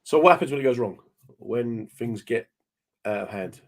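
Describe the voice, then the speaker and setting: A man's voice: medium pitch, lively intonation, normal speed. A British man hosting a radio talk show, telling stories in a casual, chatty way and acting out the quotes. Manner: storytelling, chatty, acts out quotes. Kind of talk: casual chat.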